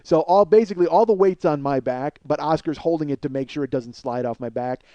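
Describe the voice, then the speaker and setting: A man hosting a podcast, telling a profane comedic story to listeners in an animated monologue. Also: on the high side, a little fast, smooth, no room sound, dull audio. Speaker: podcast host.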